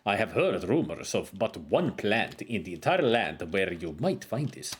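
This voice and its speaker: A man voicing a scholarly male desert wizard in a game, reading slowly and deliberately in a put-on foreign accent. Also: fairly low pitch, very animated, husky, heavily acted. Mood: earnest.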